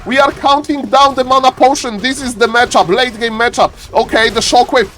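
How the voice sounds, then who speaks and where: A man casting a strategy game match, swinging from calm talk to frantic repeated shouting. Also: extremely high pitch, fast, hardly any pauses, slight background noise. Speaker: game caster. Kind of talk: excited esports commentary.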